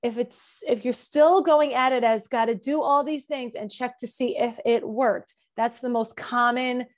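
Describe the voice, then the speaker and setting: A high-pitched middle-aged woman talking as an anxiety coach on a podcast. She drives her points home with emphatic repetition. Her tone is plainly conversational. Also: steady tone, unhurried. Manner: emphatic, repeats key phrases for effect.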